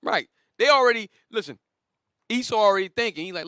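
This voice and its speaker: A man's voice: sits high, animated, fairly quick, sharp tone, clear, resonant tone, no room sound, studio quality. A man teaching a religious class who talks emphatically, repeats his points and directs the reader. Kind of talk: religious lesson.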